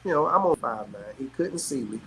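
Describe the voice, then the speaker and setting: A middle-aged man from South Carolina, telling stories as a guest in casual chat, animated and quick to laugh. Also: medium pitch, creaky, a little hiss or hum, poor audio. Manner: animated, laughs often, peppers talk with "man". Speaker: guest, former pro athlete. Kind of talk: casual storytelling.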